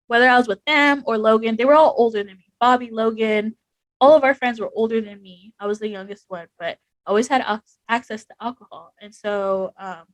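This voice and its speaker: A woman's voice: a little high, dry recording, low-quality recording. A young woman, a veteran guest on a podcast, telling her story candidly, with many "like" fillers and frank emotion.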